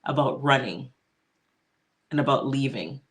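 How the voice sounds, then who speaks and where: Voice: medium pitch, animated, unhurried. A podcast host in casual conversation, offering brief, supportive affirmations and follow-up questions. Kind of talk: casual interview chat.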